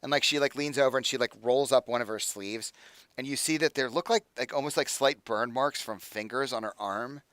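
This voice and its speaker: A male game master narrating a tabletop game, casual and rambling, with lots of filler words. His mid-pitched voice is recorded dry and close. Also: fairly quick, fairly bright tone, no echo.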